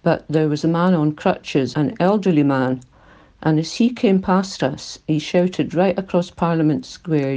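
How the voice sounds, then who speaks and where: An older woman with a Glaswegian accent speaks in a recorded interview. Her voice is mellow and dark, and she talks earnestly, with feeling that makes it shake now and then. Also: sits low, a little slow. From Scotland. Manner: earnest, emotional, voice shaking at times. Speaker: climate activist.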